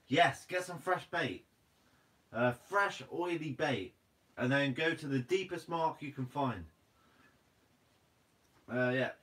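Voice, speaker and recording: A man's voice: a little high, a bit bright. A man in his twenties with a Guernsey accent, hosting a casual live Q&A and reading out viewer comments. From Guernsey, Channel Islands. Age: 20s. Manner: casual, chatty, reads viewer comments aloud. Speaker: fishing channel host. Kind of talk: live stream Q&A reading chat.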